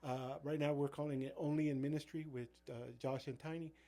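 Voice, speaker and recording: A man's voice: fairly high pitch, steady tone, a little fast, mellow. A middle-aged man, a youth pastor co-hosting a casual chat and telling rambling stories full of fillers and restarts.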